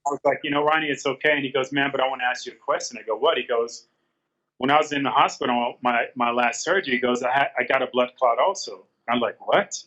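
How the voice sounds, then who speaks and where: Male guest, storytelling by quotes, bright forceful delivery, muffled remote-call audio. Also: medium pitch, fast. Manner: retells phone calls with quoted back-and-forth dialogue. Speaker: interview guest. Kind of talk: casual storytelling interview. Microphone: remote call from a garage.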